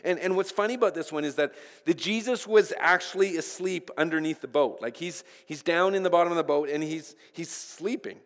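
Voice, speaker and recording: A man's voice: on the high side, a little fast, few pauses. Earnest preaching man in reverberant hall. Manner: stammering repeats of first words, earnest. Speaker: pastor. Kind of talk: sermon.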